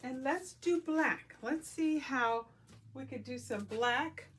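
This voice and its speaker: A woman's voice: high-pitched, slow pace, fairly bright tone, slight background noise. A middle-aged woman talking casually as she works on a quilt, thinking aloud and laughing often. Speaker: quilting vlogger. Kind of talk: casual talk while working.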